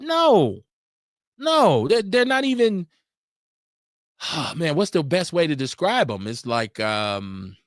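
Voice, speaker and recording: A man hosting a casual live-stream talk show, animated and mimicking other voices as he tells stories. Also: a little high, dry recording, clean studio sound. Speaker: podcast host.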